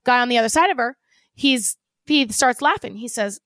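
A high-voiced woman co-hosts a casual podcast chat, telling stories with lively energy and swearing freely. Her voice sits close and dry against the mic, with no room sound at all. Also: moderate pace, no room sound. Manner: animated storyteller, swears freely. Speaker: podcast co-host.

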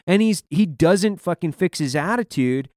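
A man telling a war story in casual chat, profane and animated. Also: sits high, normal speed, no room sound, clean studio sound. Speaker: podcast co-host, veteran.

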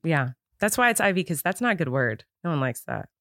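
A woman's voice: low-pitched, big pitch swings, fairly quick, a bit bright, no room sound, studio quality. A woman in her thirties co-hosting a podcast, reading an ad in a playful, giggly, joking way. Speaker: podcast co-host. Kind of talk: casual ad read.

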